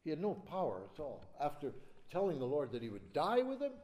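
Dramatic man preaching, lively and mellow. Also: on the high side, a little fast. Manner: dramatic, swings from loud to hushed; acts out quoted speech. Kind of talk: expository sermon.

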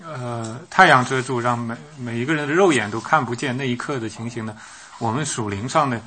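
A man's voice: medium pitch, fairly quick, pushed and bright, breathy edge. A man interpreting a sermon live, hesitant, with frequent fillers and restarts.

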